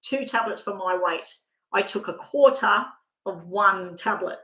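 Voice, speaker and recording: A woman does a live tarot card reading, chatting and rambling and cutting herself off mid-thought. Her medium-pitched voice is a bit bright at a moderate pace, captured in an echoey room on a low-quality recording.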